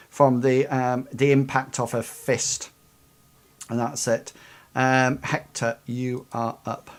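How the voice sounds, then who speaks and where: Game master, tabletop narration, lots of ums and laughs, slow pace. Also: medium pitch. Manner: halting, filler-heavy narration with frequent laughs.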